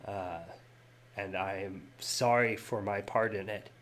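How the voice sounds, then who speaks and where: Casting note: man playing a quiet, resigned mystic guide, low and halting. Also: steady tone, a little hiss or hum. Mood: sorrowful. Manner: soft, halting, apologetic. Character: mysterious male guide, sorrowful and fatalistic.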